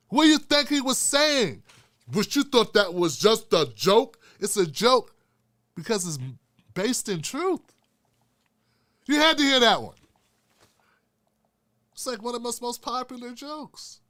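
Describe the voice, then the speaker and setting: A male host giving an animated, profane political commentary rant. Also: very high-pitched, measured pace, pauses often, no echo, studio quality.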